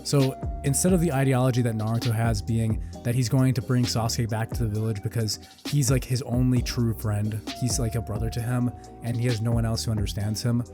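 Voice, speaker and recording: A young adult man co-hosting a casual chat, talking in a loose, rambling way with many fillers. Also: mid-range voice.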